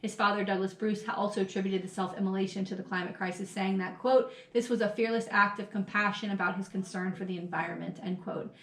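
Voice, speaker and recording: A woman's voice: medium pitch, steady tone, quick pace, hardly any pauses, fairly bright tone. A woman co-hosting a podcast in casual chat, blunt, swearing freely and laughing often. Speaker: podcast co-host. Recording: roomy echo.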